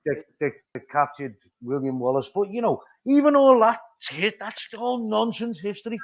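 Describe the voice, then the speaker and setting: A man's voice: sits high, very animated, normal speed. Sweary middle-aged Liverpool man. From Liverpool, England. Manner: blunt, sweary, repeats himself. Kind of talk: casual live chat. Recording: dull lo-fi stream audio.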